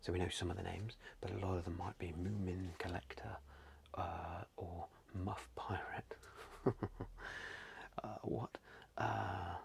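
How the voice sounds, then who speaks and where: A man, softly whispering as he chats casually and rambles during an ASMR video. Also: sits low, fairly even intonation, measured pace, vocal fry, a little hiss or hum. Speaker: card seller and streamer. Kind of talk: soft-spoken ASMR chat. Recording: loud crinkling packaging close to the mic.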